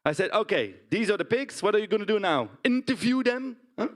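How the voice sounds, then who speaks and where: A man's voice: sits high, brisk. A man playing a blunt, indignant pig farmer. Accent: Dutch. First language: Dutch. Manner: blunt, animated storytelling with frequent "huh?" and "right?" tags. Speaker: stage performer. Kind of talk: theatrical monologue.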